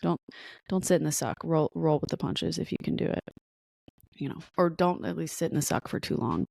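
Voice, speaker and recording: A young woman hosts a solo podcast in a casual monologue, her low voice moving a little fast with vocal fry and a slightly mellow tone. She talks candidly and rambles, laughing at herself, then shifts into an encouraging pep talk. The recording is dry and studio-clean.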